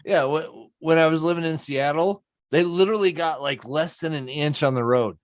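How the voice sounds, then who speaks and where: A man's voice: fairly high pitch, normal speed, dry recording, clean studio sound. A man chatting casually as a co-host, ranting with lots of swearing and laughter. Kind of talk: casual chat.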